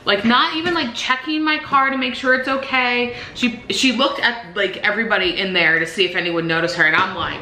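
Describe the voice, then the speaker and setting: A woman's voice: mid-range voice, fairly quick, hardly any pauses, bright, forceful tone. A young woman vlogger venting animatedly about her day in casual, swear-filled storytelling. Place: indoors at home. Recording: echoey room.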